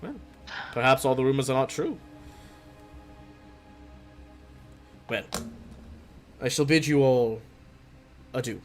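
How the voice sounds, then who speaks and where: A man's voice: mid-range voice, moderate pace, faint music behind, natural voice. A man voicing a formal male noble who speaks in stiff, courtly phrases. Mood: dismissive.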